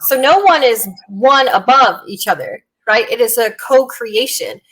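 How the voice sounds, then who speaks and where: A woman with a fairly high voice chats on a podcast in a blunt, animated way. She is a military veteran, and her stories are full of Southern slang. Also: unhurried, breathy edge, low-quality recording. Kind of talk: casual podcast chat.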